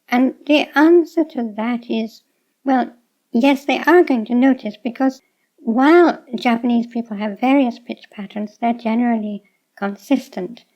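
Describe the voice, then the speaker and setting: A woman explaining Japanese pitch accent to learners in a measured, reasoned way. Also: creaky. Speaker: language teacher. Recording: dull lo-fi sound.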